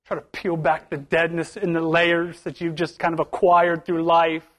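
A man's voice: fairly high pitch, little pitch movement, moderate pace, fairly bright tone. A male pastor preaching a sermon to his church, building to emphatic bursts with much repetition.

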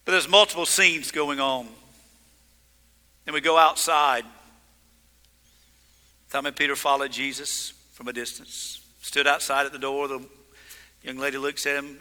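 A male pastor preaching a sermon with emphasis, swinging from loud declarations to hushed lines. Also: mid-range voice, steady tone, a little slow, pauses often, in a large hall.

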